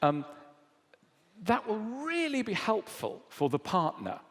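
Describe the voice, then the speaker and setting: A man's voice: high-pitched, unhurried. A man speaking, answering an audience question at a public lecture and acting out little dialogues as he explains. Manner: animated storyteller acting out quoted dialogue. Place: lecture hall. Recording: long hall reverb.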